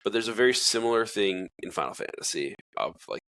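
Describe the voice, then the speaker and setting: Gravelly low-voiced man chatting casually. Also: expressive, quick pace, fairly bright tone, dry recording. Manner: rambling, heavy on filler words, laughs easily. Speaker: podcast co-host. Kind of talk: casual chat.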